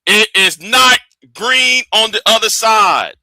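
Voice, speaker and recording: A man's voice: high-pitched, expressive, slow pace, pushed and bright, dry recording, poor audio. A man hosting a casual livestream, talking in a stop-start way and repeating words and catchphrases. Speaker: livestream host.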